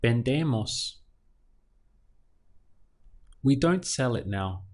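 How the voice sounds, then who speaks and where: A man teaches a Spanish lesson at an unhurried, deliberate pace. His voice sits at an ordinary middle pitch. He drills verbs patiently, drawing out syllables to make the stress plain. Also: expressive, a little mellow. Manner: slow, patient drilling, stretching words to show the stress. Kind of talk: language lesson.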